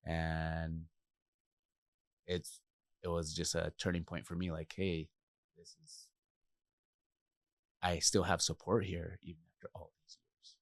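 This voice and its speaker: A man in his thirties, a podcast guest, telling a personal story in a reflective, halting way with many pauses and restarts. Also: low-pitched, flat delivery, vocal fry, no room sound, clean studio sound.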